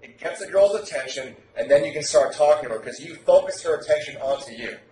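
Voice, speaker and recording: Brash, profane male coach, slightly high, projecting hard; roomy echo. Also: a little fast, mellow. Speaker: dating coach. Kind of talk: animated podcast talk. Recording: roomy echo, faint noise.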